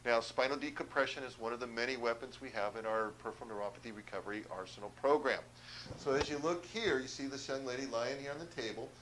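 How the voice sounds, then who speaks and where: A man's voice: medium pitch, quick pace, fairly bright tone, a little hiss or hum, rough recording. A man speaking as a chiropractor, giving a direct, persuasive health talk and often asking the audience questions. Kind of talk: health seminar talk to viewers.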